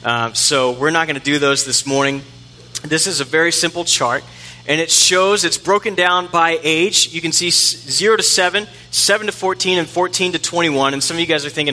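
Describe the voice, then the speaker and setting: A man's voice: fairly high pitch, fairly quick, sharp tone, slight background noise. A middle-aged man preaching a conversational, self-deprecating sermon in a church, acting out the voices he quotes. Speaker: pastor. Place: church sanctuary. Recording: long hall reverb.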